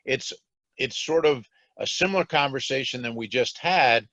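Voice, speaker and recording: A man's voice: medium pitch, normal speed, bright, forceful tone, dry recording. A man on a banking panel, speaking cautiously and qualifying his points with many fillers, heard over a remote-call connection. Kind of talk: panel discussion on a video call.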